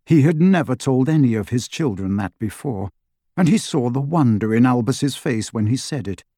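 Measured male audiobook narrator. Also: mid-range voice, no echo, clean studio sound. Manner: measured, expressive storytelling. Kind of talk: scripted narration. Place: recording studio. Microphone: close studio mic.

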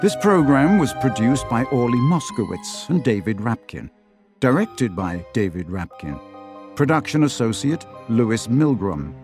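A man narrating an audiobook in a measured, expressive storytelling manner, recorded close in a studio. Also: mid-range voice, soft background music. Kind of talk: scripted narration. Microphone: close studio mic.

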